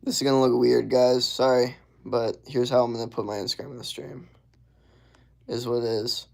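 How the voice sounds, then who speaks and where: Laid-back young male streamer with some vocal fry, casual chat with viewers. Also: medium pitch, steady tone, moderate pace, a little mellow. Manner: laid-back, drawling, says "bro" and "hell yeah" a lot. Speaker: livestreamer. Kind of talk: casual livestream chat reading viewer comments.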